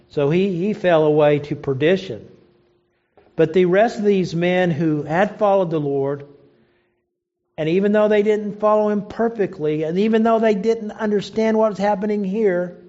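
A man's voice: on the high side, warm tone. A man preaching a sermon, emphatic and asking rhetorical questions, in a dull lo-fi recording. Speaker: pastor.

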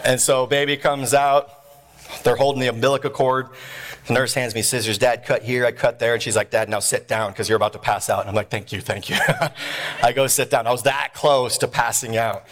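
A man's voice: mid-range voice, fairly quick, big-room sound. A man in his thirties telling a humorous story in a sermon, acting out the voices of the people in it. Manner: animated storyteller acting out voices, with shouts and laughs.

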